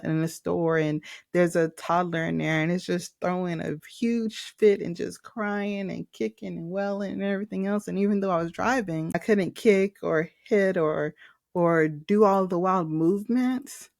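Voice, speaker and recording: Slow, low-voiced woman telling a personal story. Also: no echo, clean studio sound. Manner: emotional, animated retelling, addresses listeners as y'all. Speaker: podcast host and trauma coach.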